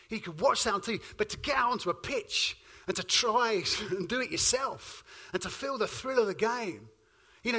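A man, preaching a sermon and telling stories with lively swings between loud and hushed delivery. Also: high-pitched.

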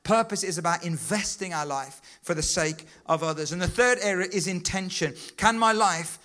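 High-voiced emphatic male preacher. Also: moderate pace, pushed and bright. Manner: emphatic, repeats key phrases, rhythmic lists. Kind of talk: sermon.

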